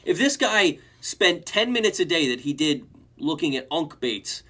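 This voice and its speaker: Young guy doing reaction commentary, kinda high voice, bright, mocking the comments. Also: big pitch swings, moderate pace. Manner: mocking, reads comments aloud. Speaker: host.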